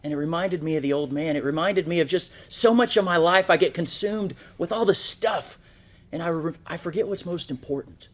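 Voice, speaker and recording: Speaking fairly quickly in a fairly high voice, a man gives a motivational keynote from the stage at an event. His delivery is storytelling, punctuated by frequent "right?" questions.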